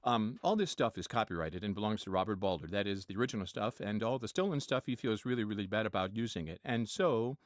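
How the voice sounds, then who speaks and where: A man performing scripted comedy bits, reading mock commercial copy in a deadpan announcer manner. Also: fairly low pitch, fast, few pauses, no room sound, clean studio sound. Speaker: comedy impressionist.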